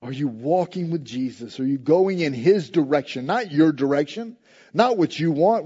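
A man preaching a sermon as pastor, impassioned, rising loud and high when he acts out prayers. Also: lively intonation, normal speed, breathy edge, lo-fi sound.

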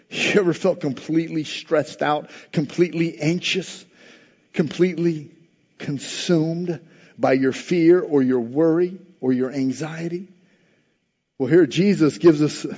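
A man preaching a sermon, swinging between quiet, slow passages and loud, rising exhortation. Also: on the high side. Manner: preaching with big swells from soft to loud. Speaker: pastor. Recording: muffled hall recording with long reverb.

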